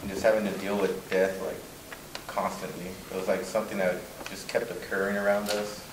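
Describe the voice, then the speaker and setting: A man with a lowish voice speaks quietly at a panel, his words subdued. The mic sits far from him in an echoey room. Steady background noise runs under his voice. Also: fairly quick. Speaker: student veteran panelist. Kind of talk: casual talk at a panel.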